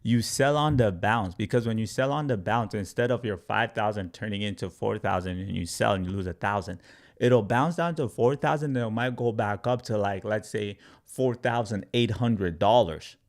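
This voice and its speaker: A man with a lowish voice talks through price charts in a casual, energetic way. He repeats his key points and sometimes slips into a mock-panicked trader voice. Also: normal speed. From Canada. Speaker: crypto YouTuber. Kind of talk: casual market commentary.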